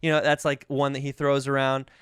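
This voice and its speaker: A man's voice: mid-range voice, a little fast, clean tone, no echo, clean studio sound. A man in his thirties hosting a podcast, telling stories in casual, profane chat, ill with covid and coughing. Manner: profane, animated, mimics voices in quotes. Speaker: podcast host. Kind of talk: casual comedic storytelling.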